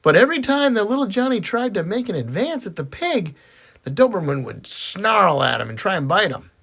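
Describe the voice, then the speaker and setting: A man telling dirty jokes as an animated, swooping storyteller. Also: high-pitched, a little fast, creaky, husky. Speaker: comedian.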